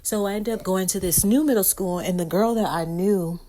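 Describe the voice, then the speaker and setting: Lively woman telling a storytime. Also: mid-range voice, normal speed. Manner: animated storyteller who acts out every quote. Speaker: hair vlogger. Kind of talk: casual storytime while doing her hair.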